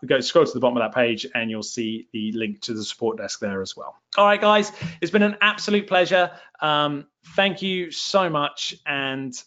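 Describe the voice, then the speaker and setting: A man's voice: mid-range voice, fairly bright tone, muffled recording. A man with a southern English accent hosting a live webinar for his online course, chatty and self-deprecating, with lots of fillers. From England.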